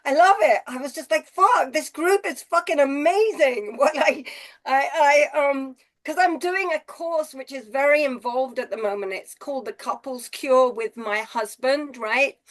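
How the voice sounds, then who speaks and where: A woman's voice: sits high, normal speed. A woman on a group video call, gushing with praise, rambling with many fillers. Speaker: call participant.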